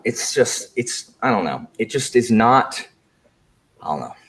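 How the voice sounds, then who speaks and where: A man's voice: medium pitch, unhurried. An American man hosting a casual book discussion livestream, talking emphatically and repeating his points. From United States. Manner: animated, emphatic, repeats phrases. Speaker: host.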